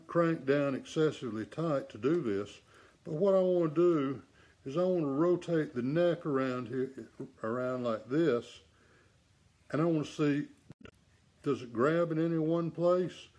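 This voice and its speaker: A man's voice: on the high side, darkish tone. A middle-aged man teaching saxophone repair in a casual demonstration, blunt and emphatic, with rhetorical asides.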